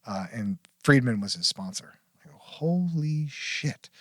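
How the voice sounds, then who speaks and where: A middle-aged man, a podcast guest, telling a personal story frankly with blunt swearing, his voice dropping very low at the heaviest parts. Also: moderate pace, a bit bright, no echo, studio quality. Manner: frank, profane, drops to near-whisper at heavy moments. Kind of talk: candid storytelling interview.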